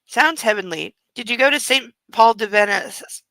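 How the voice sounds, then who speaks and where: A woman's voice: on the high side, moderate pace, bright, forceful tone, dry recording, poor audio. A woman reading the lines of a worried middle-aged mother in a firm, slightly raised tone. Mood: gentle.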